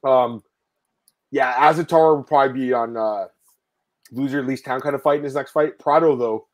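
A man hosting a casual fight-sport podcast, rambling and animated, telling stories with laughs and swearing, often calling out to the viewers. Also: medium pitch, normal speed. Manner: addresses viewers as guys. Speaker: podcast host. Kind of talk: casual MMA podcast chat.

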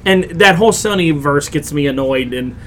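Male host, bright and forceful tone, rambling opinionated chatter. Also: on the high side, expressive, moderate pace, a little hiss or hum. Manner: opinionated, rambling with many restarts. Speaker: podcast host. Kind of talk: casual chat.

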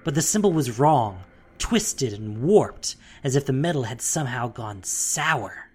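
A narrator reading a fantasy audiobook in a steady, dramatic storytelling manner. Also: medium pitch, unhurried, husky.

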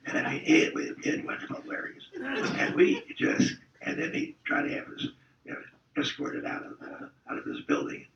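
A man's voice: fairly high pitch, huge pitch swings, moderate pace, gravelly, fairly bright tone, a little hiss or hum. An older man, a former football player, telling rambling, salty stories in a casual interview. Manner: rambling, salty, chuckling storyteller. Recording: distant, roomy, dull-sounding recording.

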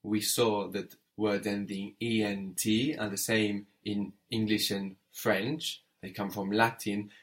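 A man's voice: lowish voice, flat delivery, slow, hardly any pauses. A man teaching French in an audio lesson, patient and methodical, prompting the learner and spelling words letter by letter.

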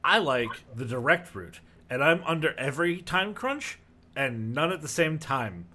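A man's voice: a little high, expressive, a little slow, sharp tone, a little hiss or hum. A man voicing a fussy, self-important male halfling traveler with a prim, impatient manner. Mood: dismissive.

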